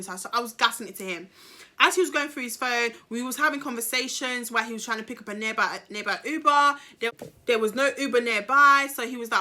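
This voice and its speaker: A woman vlogger telling a story in a lively, slangy way, acting out the people in it. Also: medium pitch, brisk. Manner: animated, slangy, acts out the people in her story. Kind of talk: storytime vlog.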